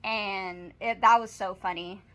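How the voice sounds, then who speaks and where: A young woman with a Texan accent talks casually to her camera at home, rambling through a shopping haul and a funny story. Her voice sits at an ordinary middle pitch, and her talk is loose and chatty, full of "like" and "you know.". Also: fairly even intonation, measured pace, pushed and bright. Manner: chatty, storytelling, says "like" often. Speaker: vlogger. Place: apartment, indoors.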